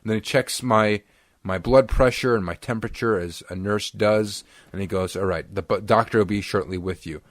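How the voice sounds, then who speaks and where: In a studio-quality recording with no room sound, a young man co-hosting a podcast speaks at a moderate pace in a fairly low voice. He's animated, telling a story casually and imitating the voices of its characters.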